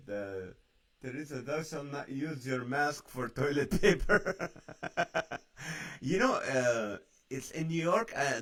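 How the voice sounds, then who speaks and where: A man's voice: medium pitch, a bit bright. A man hosting a casual live-stream chat, joking, greeting viewers by name and reading out their comments. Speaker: host of a live stream show.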